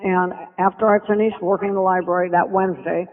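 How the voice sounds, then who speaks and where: An older woman telling stories as a podcast guest, animated and acting out the voices of people she quotes. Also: lowish voice, fast. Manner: animated storyteller who acts out quoted speech. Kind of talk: reminiscing interview storytelling. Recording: tinny phone line with long reverb.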